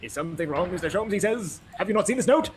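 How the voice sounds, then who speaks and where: A man puts on a brash gentleman detective for a video game playthrough, pitched well above his own voice and swinging wildly up and down. He is grandiose and excitable, with every line delivered as a dramatic pronouncement. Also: fast talker, a little hiss or hum. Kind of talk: voicing a game character during a playthrough.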